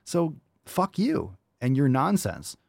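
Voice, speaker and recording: A man's voice: fairly high pitch, huge pitch swings, slow pace, gravelly, a little mellow, no echo, clean studio sound. A man hosting a fitness podcast, ranting about diet and answering training questions in a profane, combative, mocking way. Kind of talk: ranting call-in fitness show.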